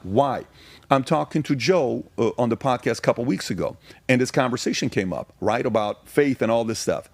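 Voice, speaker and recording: A man's voice: medium pitch, lively intonation, moderate pace, creaky, no echo. A middle-aged man giving his testimony as a podcast guest, speaking emphatically and telling stories, repeating phrases to drive points home.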